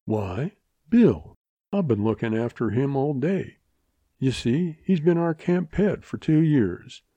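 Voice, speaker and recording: A man's voice: mid-range voice, lively intonation, slow pace, warm tone, no room sound, dull audio, pitched above the performer's own voice. A man doing a sly drawling young cowboy. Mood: mournful. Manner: folksy, feigned mournful. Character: young Texas cowboy, sly and smooth-talking.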